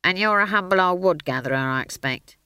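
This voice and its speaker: A woman's voice: on the low side, lively intonation, brisk, pushed and bright, clean tone, no room sound. A woman playing a curt, grumpy male dwarf. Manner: curt and grumbling. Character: sullen, irritable male dwarf actor. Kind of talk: audiobook character voice.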